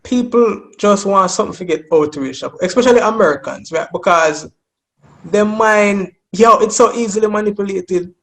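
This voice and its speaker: High-voiced Jamaican man, lively debate. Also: moderate pace. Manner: animated, sings snatches of songs to make points. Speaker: podcast co-host. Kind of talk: casual debate chat.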